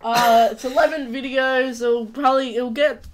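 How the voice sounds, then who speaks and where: A young man hosting a casual live stream chat, talking in a rambling, halting way with frequent restarts. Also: very high-pitched, steady tone.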